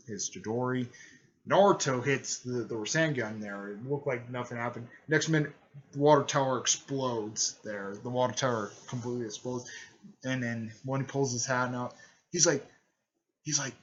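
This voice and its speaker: A man rambles through a fan story in a casual, unscripted way, stumbling over names and correcting himself as he goes. His voice sits at an average pitch, and he pops into short, louder character impressions. The recording sounds dull and lo-fi, like a basic home setup. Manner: rambling, full of fillers and self-corrections; briefly raises his pitch to act out quoted lines.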